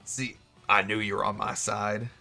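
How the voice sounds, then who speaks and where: A man's voice: lowish voice, flat delivery, normal speed, vocal fry, sharp tone, soft background music. A young man streaming a video game live, rambling and joking sarcastically with his chat. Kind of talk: gaming livestream chat.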